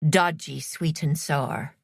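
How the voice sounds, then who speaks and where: A woman's voice: deep voice, fairly even intonation, takes it slowly, creaky, husky, no echo, studio quality, exaggerated voice. Woman doing a pleading Irish man. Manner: pleading, apologetic. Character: scrawny sick Irish man, pleading and remorseful.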